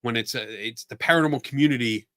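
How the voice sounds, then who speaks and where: A man's voice: mid-range voice, pushed and bright, dry recording. Stuffy-nosed man with a Philly accent. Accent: Philadelphia. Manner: rambling, halting, laughs often. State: stuffy nose. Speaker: podcast host. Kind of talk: casual livestream chat.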